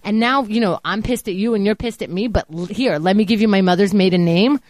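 A woman telling a story in a casual chat, animated and foul-mouthed as she rants. Her voice sits at an ordinary middle pitch. The sound is dry and close, with no room echo. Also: a little fast.

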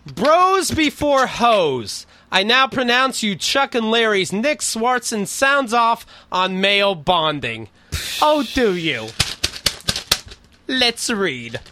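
A man's voice: sits high, expressive, slow pace, bright, forceful tone, no echo. A man hosting a casual talk show, teasing and rambling with jokes. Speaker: host. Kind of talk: casual chat.

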